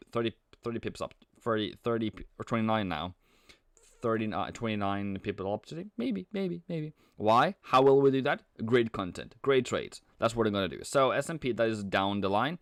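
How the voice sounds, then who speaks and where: A man hosting a live trading stream, talking casually and playfully as he answers chat with frequent halting restarts. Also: fairly low pitch, dry recording. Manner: chuckles often, halting restarts. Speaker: trading livestream host. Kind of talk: casual live market commentary.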